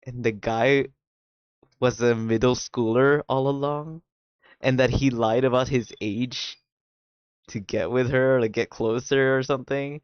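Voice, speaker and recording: Animated swearing man recapping a show. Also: medium pitch, measured pace, clear, resonant tone, no echo. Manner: animated, swears a lot, fills with "like". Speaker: streamer. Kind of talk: casual chat, recapping a drama plot. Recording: dull, dry, lo-fi mic sound.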